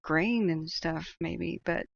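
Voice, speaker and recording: A woman's voice: fairly low pitch, takes it slowly, creaky, breathy edge, lo-fi sound. A woman hosting a livestream and reading out chat, talking in a casual, opinionated way and laughing often.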